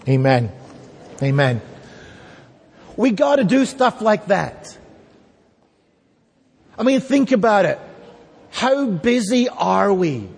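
A man's voice: high voice, sing-song, slow, creaky, pauses often, a little mellow, husky. A man preaching a sermon, earnest and emphatic, asking his listeners pointed questions. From raised by a Scottish mother. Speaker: pastor. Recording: long hall reverb.

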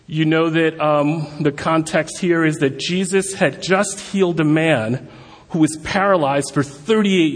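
A man giving a guest sermon at a church service, talking in a chatty, self-deprecating way with many fillers. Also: a little high. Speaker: guest preacher. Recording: long hall reverb.

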